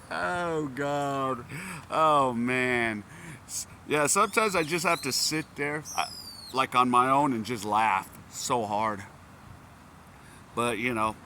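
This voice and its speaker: A man's voice: mid-range voice, pushed and bright, a little hiss or hum. A man from the United States talking in a casual vlog, who laughs often and breaks into amused exclamations.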